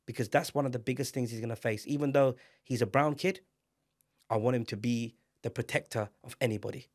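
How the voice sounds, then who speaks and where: A man, co-hosting a casual podcast, emphatic and animated, climbing to loud exclamations. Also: medium pitch, fairly quick, dry recording, studio quality. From England. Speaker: podcast co-host.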